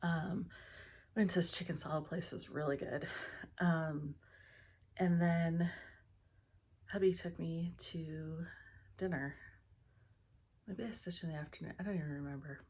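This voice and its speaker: A woman's voice: low-pitched, fairly even intonation, unhurried, long pauses, a little mellow, breathy edge. A woman chatting casually about her stitching projects, rambling with many ums and often dropping into a whisper, in her morning voice. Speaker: cross-stitch vlogger. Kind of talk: casual show-and-tell chat.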